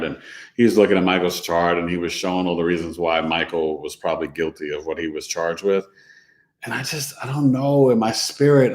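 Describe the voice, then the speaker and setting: A man with a lower-pitched voice hosts his own astrology podcast, chatting loosely and wandering off on tangents. His talk is full of fillers and friendly asides. The room around him echoes noticeably. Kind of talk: casual monologue.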